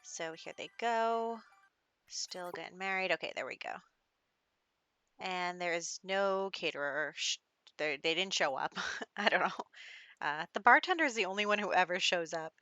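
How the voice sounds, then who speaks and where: A woman's voice: fairly low pitch, normal speed, pushed and bright, no echo. A woman casually narrating her life-sim game, chatty and storytelling, with lots of filler words. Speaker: gameplay narrator. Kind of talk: casual let's-play narration.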